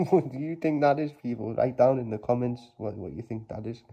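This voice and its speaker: Excitable guy talking to his viewers, goes from mumbly to shouting, kinda husky and dark sounding. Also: mid-range voice, normal speed, highs cut off. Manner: excitable, bursts of loud exclamations between quiet mumbling; slangy, chatty address to viewers. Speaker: YouTuber opening trading card packs. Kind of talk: casual vlog commentary.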